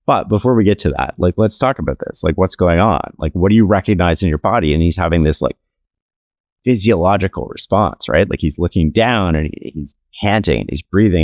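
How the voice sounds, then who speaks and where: Male author guest, low voice, dry close sound, relaxed storyteller with casual fillers. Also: no echo. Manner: relaxed, anecdotal, many "like" fillers. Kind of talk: conversational interview storytelling.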